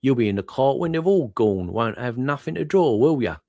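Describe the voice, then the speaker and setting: A man's voice: medium pitch, lively intonation, brisk, warm tone, no echo, clean studio sound, pitched above the performer's own voice, natural voice. A man voicing a cheeky Cockney wartime geezer who teases in a mock-scornful way, with a Cockney accent. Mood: ribbing.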